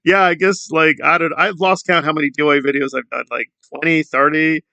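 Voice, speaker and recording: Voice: mid-range voice, steady tone, a little fast, gravelly, pushed and bright, dry recording, dull audio. A commentary YouTuber ranting in a sarcastic, scornful tone.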